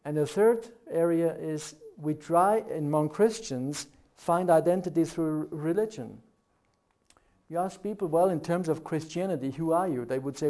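A man's voice: on the high side, normal speed. German-accented man preaching a sermon. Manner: earnest, builds to animated rhetorical questions.

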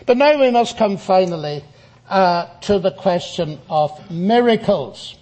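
High-voiced man giving a wry lecture. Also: animated, a little slow, darkish tone. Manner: wry, storytelling delivery. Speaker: public lecturer. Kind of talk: lecture with anecdote.

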